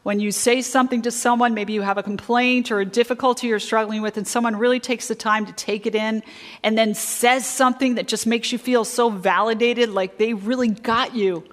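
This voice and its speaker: A woman's voice: on the high side, steady tone. Middle-aged woman teaching in a reverberant church. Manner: quizzes the audience with fill-in questions; slow, emphatic stress on key words. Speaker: marriage workshop speaker. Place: church sanctuary. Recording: long church hall reverb.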